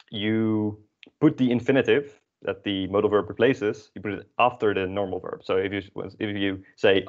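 Lower-voiced man teaching, joking dryly. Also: highs cut off. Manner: casual, self-mocking explanations with many fillers. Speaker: Dutch language teacher. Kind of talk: online class lecture.

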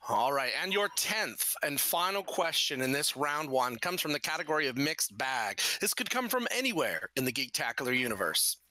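Male co-host, bright and animated delivery, jokey question reader. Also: a little high, moderate pace, hardly any pauses, a little hiss or hum.

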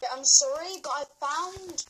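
A woman's voice: high-pitched, moderate pace, pushed and bright, a little hiss or hum, rough recording. A woman bantering offhandedly as a co-player in a casual game session. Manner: offhand, lazy-sounding banter. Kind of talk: casual gameplay chat.

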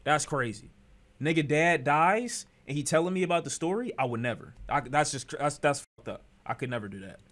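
A man streaming and reacting to a clip in animated, profane casual chat, often breaking into laughter. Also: fairly high pitch, fairly quick.

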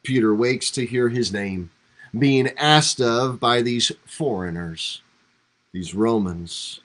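A man's voice: mid-range voice, slow, a bit bright, rough recording. A man teaching a devotional Bible study as a pastor, talking conversationally and acting out quoted lines with rising emphasis. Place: church livestream.

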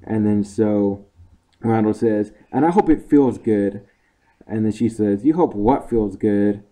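A low, mellow-voiced man chats casually on a podcast. He retells movie scenes and laughs along the way. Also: measured pace. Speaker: podcast co-host. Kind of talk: casual chat.

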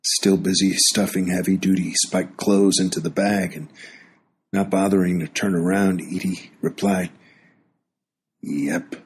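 Deep-voiced man narrating a wry memoir. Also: level tone, normal speed, a little hiss or hum. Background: guitar music.

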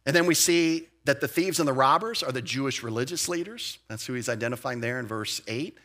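A man preaching a sermon as pastor, in a lively, conversational way with casual asides. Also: medium pitch, a little fast. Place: church sanctuary.

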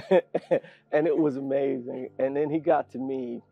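An older man, a guest in an interview, telling an animated story and laughing often. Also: medium pitch, unhurried, gravelly. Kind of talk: storytelling anecdote in conversation. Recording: dull lo-fi sound.

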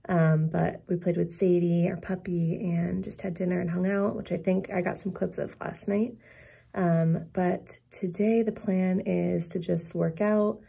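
A woman's voice: fairly low pitch, fairly even intonation, unhurried, gravelly, warm tone, breathy edge. A young woman from Syracuse, New York, chatting in an upbeat, casual vlog at her parents' house on a handheld camera. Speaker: vlogger.

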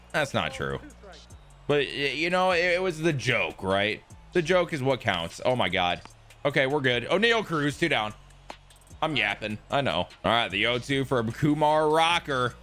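A young man commentating his own video game in a casual way, his voice leaping from mumbled asides to sudden loud yelps. His tone is bright and forceful, and faint game music plays underneath. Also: lowish voice, moderate pace. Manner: excitable, swings from loud outbursts to mumbling asides; self-deprecating jokes. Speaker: gaming YouTuber.

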